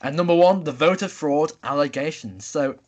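A man's voice: on the high side, normal speed, a little mellow. A young man hosting a casual podcast chat, running a quiz game in an upbeat, announcing way. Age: young adult. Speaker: podcast host.

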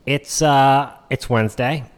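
A man hosts a political talk podcast, riffing in a dry, sarcastic, rambling way. His voice sits at an ordinary middle pitch. A long reverb trails behind every line. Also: slow pace, smooth. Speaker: podcast host.

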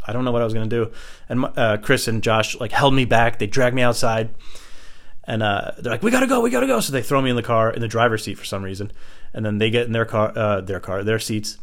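Animated, swearing young man telling stories. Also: lowish voice. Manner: swearing, animated, acts out friends' voices. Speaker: storyteller. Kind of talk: casual storytelling.

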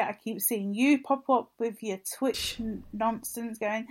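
A woman co-hosting a gaming podcast, chatting casually and telling stories with animated enthusiasm. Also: a little high, unhurried. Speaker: podcast co-host. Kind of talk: casual chat.

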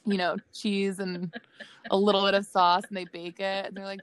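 A woman's voice: medium pitch, little pitch movement, moderate pace, smooth, no echo. A woman hosting a podcast, chatting casually and laughing easily. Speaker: podcast host. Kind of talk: casual interview chat.

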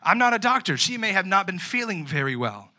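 A young man preaches a sermon in a bright, somewhat high voice. He talks casually, with chatty fillers, then drops to hushed, earnest tones before rising again. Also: brisk. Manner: animated preaching that swings between loud and hushed. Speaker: pastor.

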